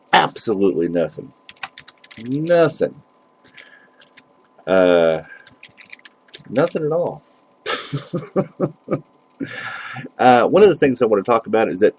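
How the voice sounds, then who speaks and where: A lower-pitched man rants alone on his own podcast, cursing freely and mocking as he goes. He rambles, with lots of fillers and restarts. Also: darkish tone, rough recording. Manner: profane, mocking, sarcastic; loose and rambling with many fillers. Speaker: podcast host. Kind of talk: casual solo podcast rant.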